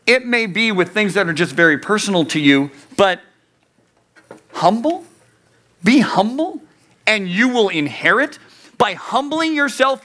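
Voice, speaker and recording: Male youth pastor, earnest sermon, conversational, rhetorical questions, somewhat high voice. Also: bright, forceful tone.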